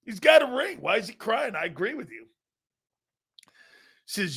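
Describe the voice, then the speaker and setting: A man hosting a live football talk show, bantering loudly, laughing and swearing as he riffs. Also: sits high, a little slow, breathy edge. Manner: animated, laughing, bantering, profane. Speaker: sports talk show host.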